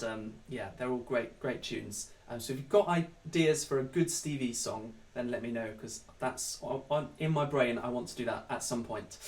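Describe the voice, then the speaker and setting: A man's voice: mid-range voice, distant mic, a little hiss or hum. Chatty man, slightly off-mic. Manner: chatty, rambling, many ums. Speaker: online choir leader. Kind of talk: casual chat to viewers. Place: home during lockdown.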